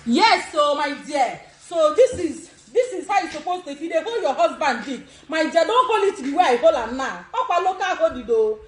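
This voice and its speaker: A woman's voice: high-pitched, animated, normal speed, hardly any pauses. Bold, laughing Nigerian woman in her sixties. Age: 60s. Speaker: live video host. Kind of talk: social media live demonstration. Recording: echoey room.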